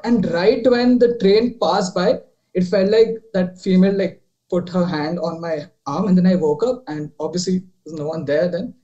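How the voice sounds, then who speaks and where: Young man, mellow, higher voice, rambling storyteller with fillers, on a video call. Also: normal speed, few pauses, highs cut off. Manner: rambling, many fillers and restarts, drops quieter while retelling. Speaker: caller telling a ghost story.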